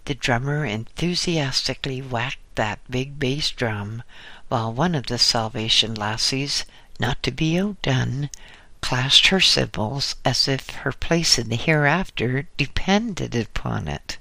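A man narrating a story at a slow, unhurried pace. His voice is bright and crisp, and the recording sounds dry and close. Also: medium pitch, animated, no room sound. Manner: measured, descriptive storytelling. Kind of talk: scripted narration.

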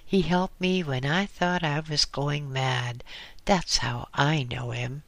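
A talkative woman in an audiobook who confides and gossips, as the reader puts her on. She speaks slowly, in a bright voice. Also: mid-range voice, steady tone, no echo. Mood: chatty.

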